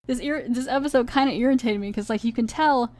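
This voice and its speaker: A woman hosting a podcast, casually recapping a TV episode in a chatty, animated way. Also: a little high, fast talker, no echo. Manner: chatty, animated, retells scenes with quoted voices. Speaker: podcast host reviewing a TV episode.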